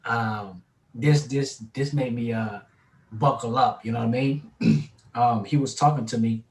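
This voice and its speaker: A man from New co-hosting a casual podcast chat, telling stories in an animated, slangy way. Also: mid-range voice, unhurried. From New York. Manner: animated, slangy storytelling with laughs. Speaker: podcast co-host. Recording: roomy, distant mic, faint ambience.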